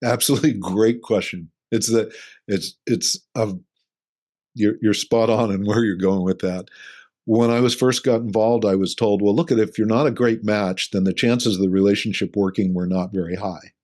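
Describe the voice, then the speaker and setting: A man's voice: lowish voice, steady tone, moderate pace, a little mellow. A middle-aged man, a relationship coach, talking earnestly in an interview and explaining his ideas with acted-out examples. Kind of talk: casual interview conversation.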